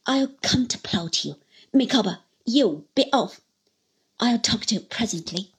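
A woman reading aloud voices a sly, scheming male clerk who is cornered and spiteful, speaking louder and with sneering threats. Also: a little high, animated, measured pace, breathy edge, full character voice. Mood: threatening.

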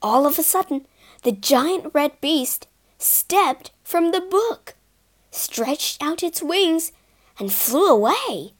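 A woman narrating a children's storybook in an expressive, sing-song read-aloud manner. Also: high-pitched, slow pace.

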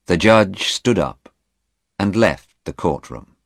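A man reading an easy-English audiobook in a slow, deliberate scripted narration. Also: deep voice, expressive, vocal fry, dry recording, studio quality.

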